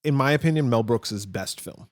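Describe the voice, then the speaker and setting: A podcast co-host chats casually, spinning rambling, jokey stories in an expressive, medium-pitched male voice at a moderate pace. The recording is dry and clean, with studio sound.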